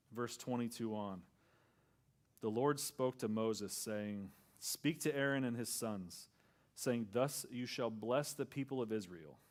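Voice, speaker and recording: A male pastor preaching a sermon in a conversational style, acting out quoted lines and dropping to a soft near-whisper on key words. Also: mid-range voice.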